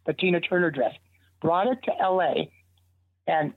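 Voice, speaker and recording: An older man with a high-pitched, husky voice talks at normal speed, telling long, wandering stories as an interview guest. His anecdotes are animated and casual, with restarts, heard over a tinny, dry phone line.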